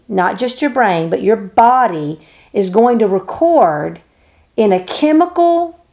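A woman's voice: mid-range voice, a little mellow. A woman teaching in an earnest, emphatic way, briefly acting out the voices she quotes. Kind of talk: explanatory teaching talk.

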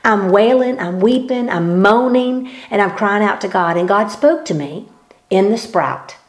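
At a measured pace and in a mid-range voice, a woman delivers a fervent, preaching-style talk in conversation. She shares faith teaching emphatically, repeating words as she climbs to climaxes.

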